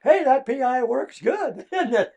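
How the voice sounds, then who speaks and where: An older man with a Midwestern American accent, a retired trial lawyer telling courtroom stories in a casual interview, laughing often and acting out his own shouting. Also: very high voice, animated, unhurried, no echo.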